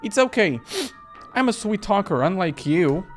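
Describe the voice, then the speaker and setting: A man voicing a calm, brave teenage girl who speaks steadily. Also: high-pitched, normal speed, faint music behind, voice pushed up. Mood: urgent.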